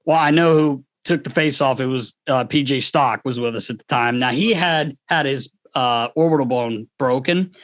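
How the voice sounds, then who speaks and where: A man hosting a podcast, telling locker-room stories in a lively, laughing way. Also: medium pitch, normal speed, few pauses. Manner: animated storyteller, laughs often. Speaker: podcast host. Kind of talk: casual storytelling chat.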